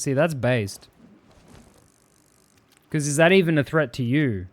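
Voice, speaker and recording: A man's voice: a little high, expressive, slow, long pauses. A man streaming live, chatting casually and swearing freely as he reads viewer messages aloud and jokes about them.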